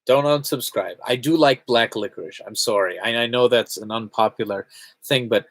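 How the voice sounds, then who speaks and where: A man's voice: mid-range voice, moderate pace, fairly bright tone, dry recording. Dry, chatty male game streamer. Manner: chatty, self-reflective, rambling. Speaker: game streamer reading chat. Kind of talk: casual live-stream chat.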